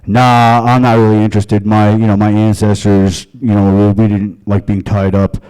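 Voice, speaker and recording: A man voicing a laid-back, dismissive young man who speaks in a flat, offhand way. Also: on the low side, normal speed, smooth, lightly acted, poor audio.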